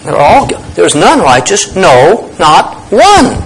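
A man teaches from the Bible with an emphatic, searching delivery and a lot of restarts. His pitch sits a little high and swings widely as he stresses key words. Faint noise hums under the recording. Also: wildly swooping pitch, takes it slowly, rough recording. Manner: emphatic, explaining Greek words, thinking aloud with restarts.

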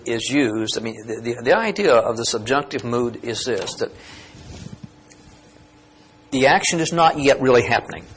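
A man's voice: mid-range voice, a bit bright, slightly rough. A man teaching verse by verse from a Bible passage, explaining Greek grammar and rising to emphatic peaks.

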